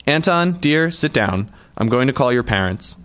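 A man voicing a calm, motherly young woman who speaks softly. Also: mid-range voice, moderate pace, lightly acted. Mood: soothing.

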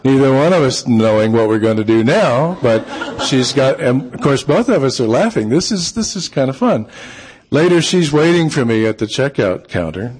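A man, an author, telling a personal story in a relaxed, unhurried way with frequent pauses and ums. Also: mid-range voice, breathy edge. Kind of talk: storytelling talk.

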